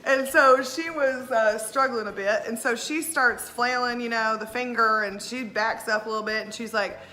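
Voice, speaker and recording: Lady in her 40s telling wedding stories, bright sharp voice, acts out everyone, laughs a lot. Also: fairly high pitch, normal speed. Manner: animated, laughs often, acts out what others said. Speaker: wedding planner. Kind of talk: casual storytelling.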